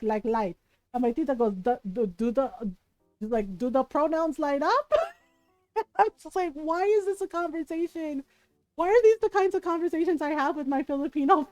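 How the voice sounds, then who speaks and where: A woman streamer chatting casually, telling a family story in an animated way and giggling often. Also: sits high, no echo, rough recording. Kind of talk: casual chat while gaming.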